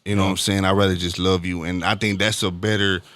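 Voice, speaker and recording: A man's voice: low-pitched, little pitch movement, fast, fairly bright tone, no echo. A man with a Houston Texas accent, a rapper guest chatting casually on a podcast, laid-back and drawling, filling his talk with "man.". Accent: Houston Texan. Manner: laid-back, drawling, peppers speech with "man" and "you know what I'm saying".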